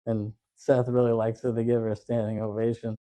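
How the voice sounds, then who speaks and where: Male podcast host, casual rambling film recap, warm mellow tone, dry close sound. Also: medium pitch, flat delivery, a little fast, no room sound. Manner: rambling retelling, full of fillers and swearing. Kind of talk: casual movie recap chat.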